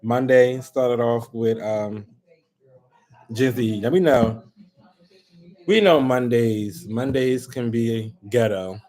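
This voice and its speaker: A man's voice: mid-range voice, slow, long pauses. Man ranting on a live stream. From Baltimore, USA. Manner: animated, exasperated ranting to viewers. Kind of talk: casual live-stream chat.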